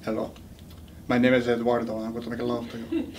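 A comedian man playing a smooth-talking male Latin lover with a slow, low seductive purr. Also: monotone, distant mic, heavy background noise, close to an everyday voice.

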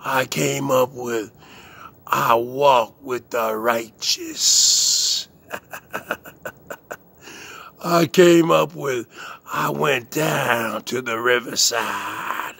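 Slow, gravelly bragging man. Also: medium pitch, pushed and bright. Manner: slow, bragging, drawn-out catchphrases with laughs. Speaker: host. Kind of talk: boastful rant to camera.

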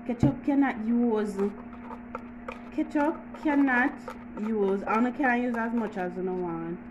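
A woman's voice: on the high side, a little slow, muffled recording, background noise. A woman with a Jamaican accent hosting a casual home how-to vlog, chatty and teasing, with frequent laughs. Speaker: YouTuber.

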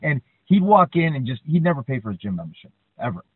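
A man's voice: mid-range voice, fast, breathy edge. Chatty man telling stories on a podcast. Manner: chatty, frequent "right?" tags, animated storyteller. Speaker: podcast co-host. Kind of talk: casual storytelling chat. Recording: dry, tinny phone-like line.

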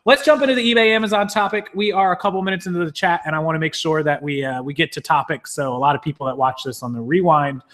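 A man's voice: fairly high pitch, fast talker, hardly any pauses, a bit bright. A man hosting a live stream, upbeat, greeting viewers one by one from the chat before getting into his topic. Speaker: YouTube live-stream host.

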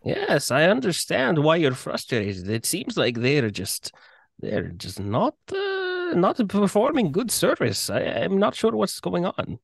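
Guy player with a gravelly swoopy voice, fast bluffer, dry close mic. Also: sits high, wildly swooping pitch, no room sound. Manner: smooth-talking, bluffing in character. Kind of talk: in-character tabletop role-play.

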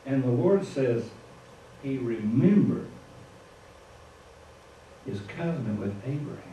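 In a church sanctuary, a Midwestern American man preaches a casual sermon, spinning the tale folksily and laughing softly at his own side remarks. His medium-pitched voice is animated, slow and dark, with the highs cut off. The recording is distant and echoey, with slight background noise.

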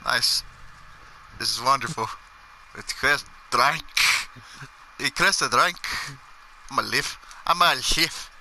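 A man playing an online game with a friend, excitable, laughing and swearing as he chats. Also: medium pitch, slow, pauses often, slight background noise, rough recording. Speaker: gamer. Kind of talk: casual gaming chat.

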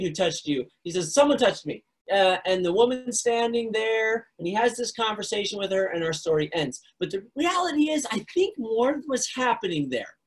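A man preaching a sermon, retelling the story with animated storytelling and phrases repeated for emphasis. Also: sits high, husky. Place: recorded remotely.

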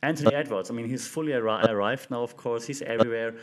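A man's voice: mid-range voice, fast. A young man hosting a casual commentary show, talking with enthusiasm and acting out quotes in a livelier voice. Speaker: podcast host.

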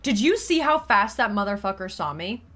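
A woman streamer giving live gameplay commentary, excitable, often gasping, squealing and swearing when something surprises her. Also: mid-range voice, normal speed.

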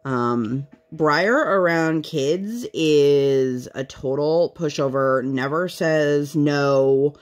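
A woman's voice: low-pitched, drawn-out words, hardly any pauses. A woman in her thirties chatting casually at home while she works on a craft project, telling candid stories and now and then putting on voices when she quotes people. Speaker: craft vlogger.

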